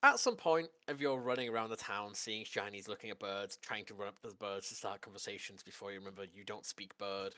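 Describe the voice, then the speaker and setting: A game master narrating a tabletop game, describing scenes in a relaxed, joking way. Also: sits low, brisk, few pauses.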